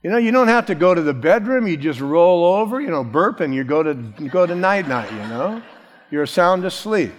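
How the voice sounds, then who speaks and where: A male pastor with a voice on the high side preaches a sermon in a conversational, storytelling manner with casual asides, and a long reverb tail follows his words.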